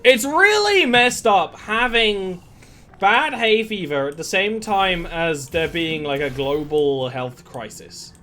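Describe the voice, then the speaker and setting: A man's voice: high voice, animated, slow, pushed and bright. A man streaming a game, chatting casually and rambling from one tangent to the next in a self-deprecating way. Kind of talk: casual gameplay chat.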